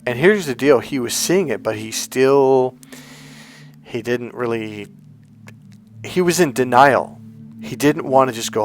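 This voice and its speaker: A man's voice: medium pitch, lively intonation, measured pace, pauses often, soft background music. Blunt, emphatic male dating coach. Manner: emphatic, blunt and profane, with sudden loud bursts. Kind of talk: storytelling monologue to viewers.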